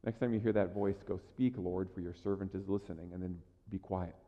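A man voicing a calm older male priest giving quiet instructions, in a sermon. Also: low voice, brisk, pitched below the performer's own voice, close to an everyday voice. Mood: hushed. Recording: echoey hall, dull lo-fi sound.

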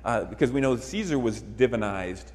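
A man's voice: mid-range voice, lively intonation, moderate pace, darkish tone. A man preaching a sermon emphatically, repeating phrases for effect. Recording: long reverb of a large hall.

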